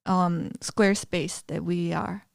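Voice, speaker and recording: A woman from Korea co-hosting a podcast, talking quickly and casually with lots of "like" fillers. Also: lowish voice, fairly even intonation, vocal fry, no room sound, clean studio sound. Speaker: podcast co-host. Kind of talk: casual chat.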